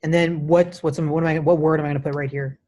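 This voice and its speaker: A man's voice: on the high side, level tone, fast, warm tone. A man teaching a live coding class in a classroom, casual and chatty, with many restarts and "right?" checks. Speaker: coding instructor.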